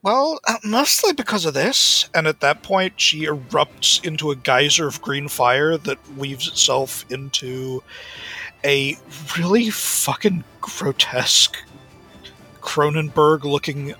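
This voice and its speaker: A man's voice: a little high, lively intonation, slow, bright, forceful tone, husky, soft background music. A man playing a tabletop role-playing game, joking, sarcastic and profane. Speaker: player. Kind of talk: casual tabletop role-play.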